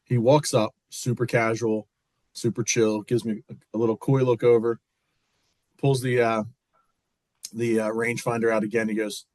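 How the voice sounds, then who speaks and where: A male co-host speaks in an even, mid-pitched voice on a casual golf podcast. He jokes and teases his guest. The sound is dry and close. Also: moderate pace, pauses often, no room sound. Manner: joking, teasing banter.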